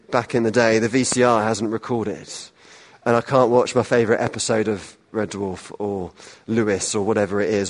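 A man's voice: on the high side, long reverb tail. Conversational male minister preaching. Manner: self-deprecating humor, conversational asides. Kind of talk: sermon. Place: church.

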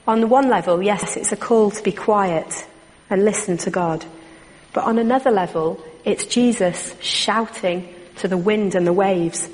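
A woman preacher delivering a sermon in a church, with a measured, repetitive preaching cadence. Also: mid-range voice, a little mellow. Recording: long hall reverb.

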